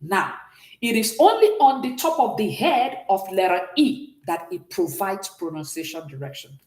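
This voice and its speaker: A woman's voice: mid-range voice, sing-song, moderate pace, a little mellow, reverberant. A woman teaching a beginners' French class, patiently explaining and often checking in with "okay?". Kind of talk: online class lesson.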